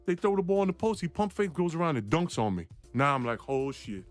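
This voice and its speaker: A man tells an anecdote in an interview with big swings in pitch, laughing often. He acts out voices and swears casually. His voice sits fairly high, and faint music plays underneath. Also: very animated, fast talker. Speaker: former player telling a story.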